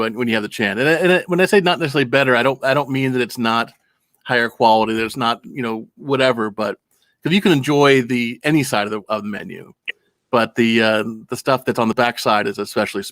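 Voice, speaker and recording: A man co-hosts a casual talk, pausing often as he hunts for words. His voice is recorded close and dry, with no room sound. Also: mid-range voice, fairly bright tone, dry recording. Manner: halting, searches for words. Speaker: co-host. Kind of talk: casual chat.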